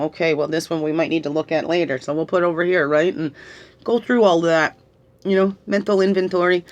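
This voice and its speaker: A tearful middle-aged woman with a low voice, working as a tarot reader, leads a reflective spiritual guidance talk, coaxing listeners with questions and a constant "right?".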